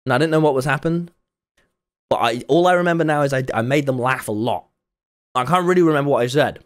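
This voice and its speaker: A man's voice: medium pitch, fast talker. A man casually telling a story, rambling and breaking off with laughter. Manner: rambling, self-interrupting, laughing. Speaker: streamer.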